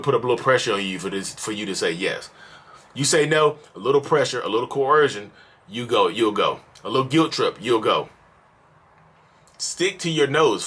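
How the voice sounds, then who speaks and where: At a moderate pace and medium pitch, with a breathy edge, a vlog host shares mental health advice straight to camera. His manner is casual, preachy and animated; he repeats things for emphasis and breaks into acted voices.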